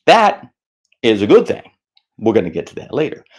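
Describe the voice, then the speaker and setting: At a normal speed, a middle-aged man shares laid-back stress-management advice to camera. He mocks himself with lively energy and raises his pitch when impersonating anxious voices.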